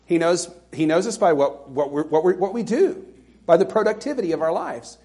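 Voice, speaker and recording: A man's voice: a little high, lively intonation, fairly quick, warm tone. A middle-aged man from Alabama preaching a sermon as a pastor, conversational and self-deprecating, with laughing asides.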